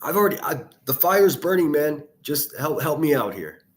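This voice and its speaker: A man's voice: a little high, very animated, moderate pace. A man ranting angrily over clips he plays, swearing heavily and hurling insults as a commentary youtuber. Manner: angry, profane, shouting insults.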